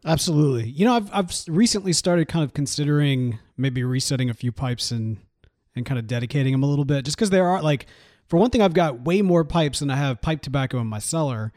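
Man, 30s, podcast co-host, casual chat, animated, chatty, fairly high voice, very lively pitch. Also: fast. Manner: animated, chatty, laughs often.

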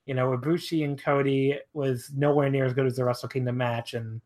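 Rambling man in a casual podcast chat. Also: brisk. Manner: rambling, animated, voice jumps high when exasperated. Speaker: wrestling podcast co-host.

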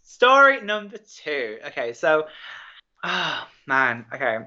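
A man's voice: on the high side, big pitch swings, takes it slowly, pushed and bright, lo-fi sound. A young man from England with a hard-to-place mixed accent, a guest chatting casually and jokingly, rambling with lots of fillers. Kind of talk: casual podcast chat.

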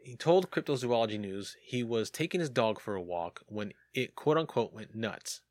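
A man's voice: lowish voice, lively intonation, moderate pace, dry recording. A man hosting a casual podcast, reading sighting reports aloud and joking about them. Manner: jokey, reads reports aloud with asides.

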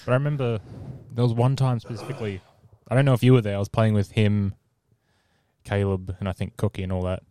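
A young man in casual podcast chat, relaxed and matter-of-fact. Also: on the low side, fast. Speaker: podcast co-host.

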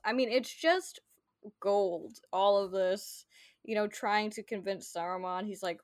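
A woman co-hosting a podcast chats loosely, peppering her talk with filler words and jokey paraphrases of characters. Her pitch is ordinary and middling. The sound is dry and close, with no room in it. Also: unhurried, dry recording. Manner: chatty, heavy on "like" fillers, paraphrases characters playfully. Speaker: podcast co-host. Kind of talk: casual chat.

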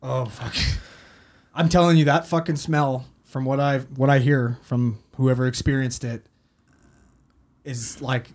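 A man's voice: medium pitch, steady tone, unhurried, a little mellow. A man, a paramedic telling a story in casual talk, rambling and swearing a lot. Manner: heavy swearing, rambling with fillers.

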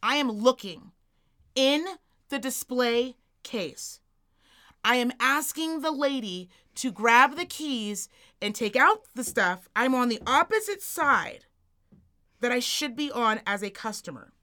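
A woman co-hosting a podcast, telling a comedic story in a sassy, profane, animated way. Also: on the high side, takes it slowly. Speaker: podcast co-host.

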